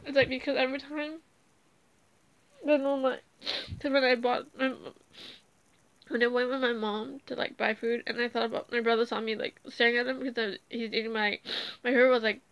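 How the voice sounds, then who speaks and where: A woman's voice: fairly high pitch, level tone, a little fast, long pauses, dull audio. A woman speaking off the cuff about her family and her past, rambling with restarts and fillers, emotional and close to tears in places. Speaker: speaker sharing a personal story. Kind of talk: unscripted personal talk.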